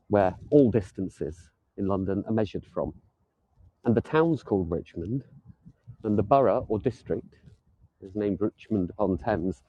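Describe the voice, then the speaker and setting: A man's voice: on the low side, no room sound, lo-fi sound. A man giving a live walking tour outdoors, chatting and joking lightly as he strolls the streets. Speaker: tour guide.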